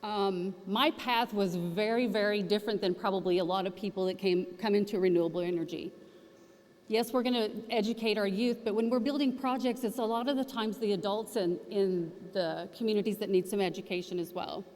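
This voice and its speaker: A woman's voice: mid-range voice, brisk. Folksy woman speaker in hall. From Oklahoma, USA. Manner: folksy, animated storytelling with acted-out quotes. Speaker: featured speaker. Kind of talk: storytelling presentation. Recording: reverberant hall.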